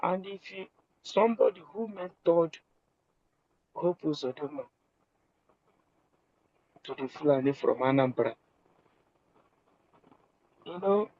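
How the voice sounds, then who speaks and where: A man calls in to a live audio room from a public place, his slightly mellow voice coming through a muffled lo-fi phone line with faint background noise and a dry sound. He speaks slowly with long pauses, starting out low, and is hesitant and apologetic, repeating himself as he makes his point.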